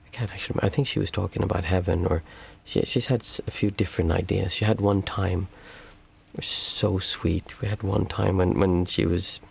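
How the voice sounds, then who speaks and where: A man hosting a meditation stream, answering viewer questions in a calm, reflective, halting way. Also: deep voice, gravelly, breathy edge. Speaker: meditation teacher and stream host. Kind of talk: livestream Q&A talk.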